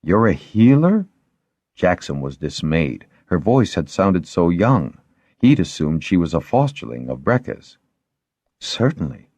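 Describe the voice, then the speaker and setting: A man narrating an audiobook in a scripted, expressive storytelling manner. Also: low-pitched, measured pace, no room sound.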